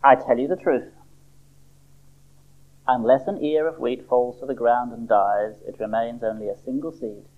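A preacher reading scripture aloud and telling a story, expressive and measured. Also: mid-range voice. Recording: dull lo-fi recording.

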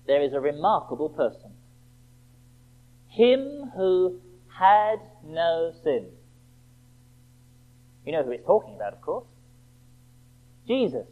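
A man preaching a sermon, emphatic and rhetorical, slowing right down for quoted scripture. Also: fairly high pitch. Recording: tinny phone-like band.

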